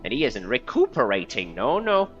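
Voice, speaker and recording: A man's voice: mid-range voice, huge pitch swings, normal speed, highs cut off, soft background music, voice pushed up. A man voicing a batty old woman who scavenges corpses, talking to herself in a cackling sing-song way.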